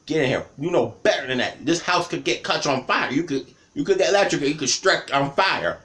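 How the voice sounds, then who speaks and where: A man's voice: on the high side, lively intonation, fairly quick, a bit bright, pitched above the performer's own voice. A man voicing a strict mother scolding her small child, repeating her warnings over and over.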